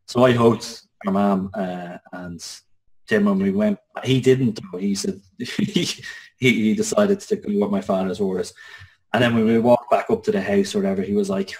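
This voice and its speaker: An Irish man in his thirties, a guest telling a personal story with many restarts. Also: fairly low pitch. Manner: halting, many restarts and fillers. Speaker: interview guest.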